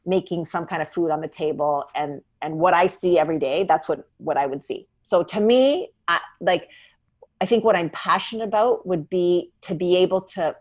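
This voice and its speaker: A middle-aged woman, a cookbook author, chatting in an interview in a rambling, animated way from her farm home. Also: fairly low pitch, normal speed. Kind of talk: casual interview chat.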